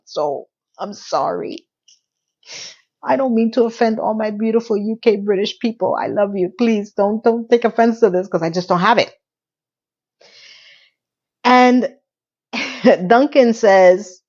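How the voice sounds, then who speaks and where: Woman TV recap vlogger, mid-pitched, casual and animated, slightly muffled recording. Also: unhurried, long pauses. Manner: animated, talks to viewers, playful asides.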